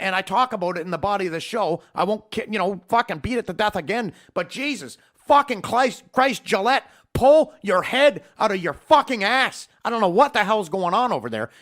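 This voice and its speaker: This podcast host has a high-pitched, slightly bright voice. Recording in his home studio, he delivers a monologue that's a heated, emphatic, swear-filled rant.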